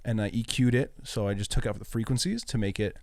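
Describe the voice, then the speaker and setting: A man working as a music producer, casually walking through how he built a remix, with a relaxed, loose way of talking. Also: lowish voice, quick pace, no room sound. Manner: relaxed, loose, hedging with "like" and "kinda".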